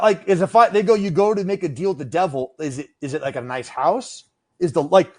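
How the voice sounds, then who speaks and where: A man with a slightly high voice talks in a loose, rambling way on a podcast. He swears freely and keeps poking fun at himself. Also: lively intonation, a little fast. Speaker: podcast guest, gear maker. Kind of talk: casual podcast chat. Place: room with adjustable lights.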